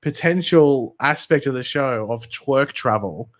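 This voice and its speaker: An Australian-accented man co-hosts a relaxed live stream. He drops dry, deadpan remarks in an even, mid-pitched voice. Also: unhurried. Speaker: co-host of a fan show. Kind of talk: casual live-stream chat.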